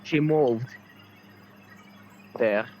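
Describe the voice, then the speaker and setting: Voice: medium pitch, drawn-out words, lo-fi sound, over a noisy crowd. A playful friend on voice chat, joking about doing accents while gaming.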